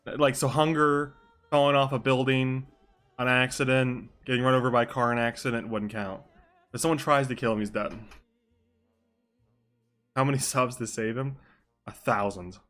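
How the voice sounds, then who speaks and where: Casual young male streamer, jokey and foul-mouthed, mid-range pitch, soft music underneath. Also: steady tone, normal speed, pauses often. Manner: loose, joking, swears freely, laughs often. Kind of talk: casual live-stream chat during game role-play.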